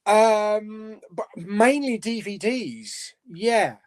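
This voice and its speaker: A man's voice: high voice, expressive, very slow. A man hosting a casual live stream chat, reading out viewer comments and chatting about them.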